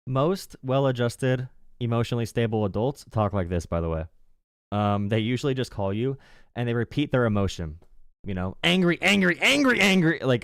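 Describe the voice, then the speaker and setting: A man's voice: medium pitch, darkish tone, dry recording, studio quality. Sarcastic young male livestream host. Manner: sarcastic, mocking, laughs often. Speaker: political streamer and call-in show host. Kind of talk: casual livestream commentary.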